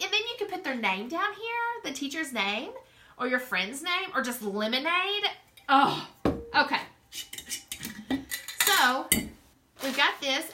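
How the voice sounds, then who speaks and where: A woman's voice: high-pitched, sing-song, unhurried, long pauses, background noise. A woman with a Southern US accent hosting a craft show, chatting and rambling straight to her viewers as she works. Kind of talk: casual live-stream craft demo.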